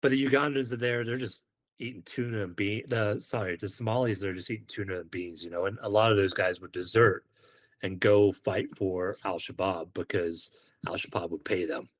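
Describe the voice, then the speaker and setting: A UK ex-Marine appears on a podcast telling casual stories, lively and acting out the quoted dialogue. He speaks at normal speed in a lowish voice.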